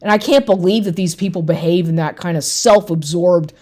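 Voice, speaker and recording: A woman's voice: lowish voice, brisk. A woman from Texas telling a story about a lying ex in a casual rant, acting out both sides of the conversation and swearing often. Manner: animated, quotes people, swears, repeats herself.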